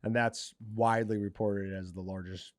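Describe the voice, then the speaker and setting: A man's voice: lowish voice, steady tone, moderate pace, dry recording, clean studio sound. A man hosting a casual podcast, joking and laughing with his co-hosts. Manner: joking, laughs often, wraps up the show. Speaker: podcast host.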